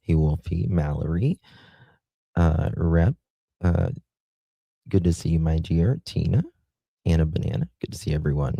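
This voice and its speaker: A man's voice: very deep voice, steady tone, measured pace, creaky, pauses often, warm tone, husky, dry recording. A man hosting a casual livestream, thanking viewers one by one with affectionate endearments. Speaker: livestream host. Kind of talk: casual livestream chat, reading viewer comments.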